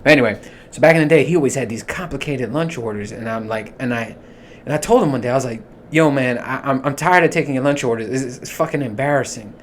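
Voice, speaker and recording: A man's voice: mid-range voice, fast talker. Casual guy in his 30s rambling thru stories on his podcast, cussing a lot, laughing, faint noise behind. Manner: profane, animated, laughs through his stories. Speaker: podcast host. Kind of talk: casual storytelling monologue.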